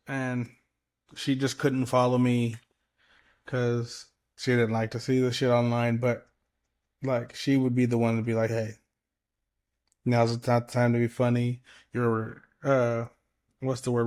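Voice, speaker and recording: Man, podcast co-host, casual rambling chat, swears a lot, mid-pitched voice. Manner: rambling, loose, swears freely, fills with "like" and "you know".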